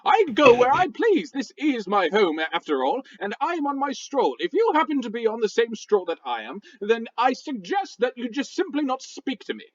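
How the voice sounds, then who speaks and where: A man's voice: very high-pitched, sing-song, moderate pace, hardly any pauses, muffled recording. A man voicing a prissy, easily offended male rock that speaks in a posh British accent with stuffy, old-fashioned phrasing, in a tabletop game. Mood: indignant.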